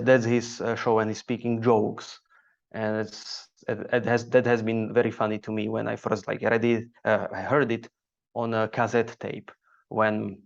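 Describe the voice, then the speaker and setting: A man with a Slovak accent talks in a halting, casual way, stopping often on fillers and restarts. His voice is gravelly and fairly flat in pitch. The recording is dull and lo-fi. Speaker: stand-up comedian guest. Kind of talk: casual podcast chat.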